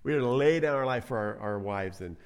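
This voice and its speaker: Male pastor, sermon, animated and conversational, lively swings in pitch. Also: brisk, clean tone.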